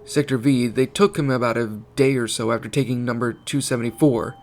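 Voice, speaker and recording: A grave, steady British teenage leader, as a male narrator puts him on, near the narrator's own pitch. He speaks with calm seriousness in a storybook reading. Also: a little fast, a little hiss or hum, natural voice. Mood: serious.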